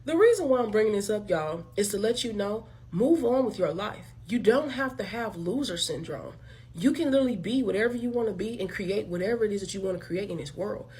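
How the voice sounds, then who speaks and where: A woman's voice: mid-range voice, expressive, a little fast, a little mellow. A woman hosting her own channel, giving a blunt, emphatic, profane commentary rant straight to her viewers and calling them y'all. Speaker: channel host. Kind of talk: direct-to-camera commentary rant.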